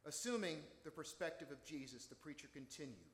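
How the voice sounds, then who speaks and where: Male pastor, earnest sermon storytelling, slightly high voice, echoey hall. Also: animated, a little fast, hardly any pauses. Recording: echoey hall with long reverb.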